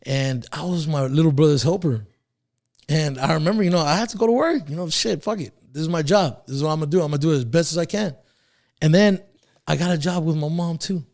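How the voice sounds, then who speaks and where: A man's voice: on the high side, fast talker, a little mellow. A man talking as a podcast guest, casually telling his life story with plenty of swearing, chuckles and restarts. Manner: profane, laid-back, with chuckles and restarts.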